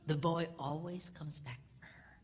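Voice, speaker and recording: A middle-aged man giving a comedic marriage seminar, animated, acting out voices and dropping to a whisper for emphasis. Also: a little high, unhurried, long reverb tail, slight background noise. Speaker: seminar speaker.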